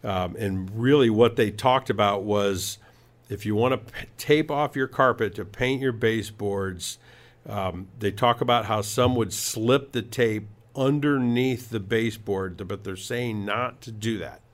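On his home improvement talk show, a man with a lowish voice gives advice at a measured pace, his casual radio-style delivery wandering with many fillers and restarts.

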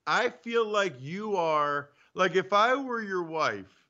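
Man, bright crisp voice, teasing co-host, animated, dull lo-fi sound. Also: high-pitched, takes it slowly. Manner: teasing, animated, acts out bits. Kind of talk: casual sports show banter. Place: home studio. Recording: dull lo-fi remote audio.

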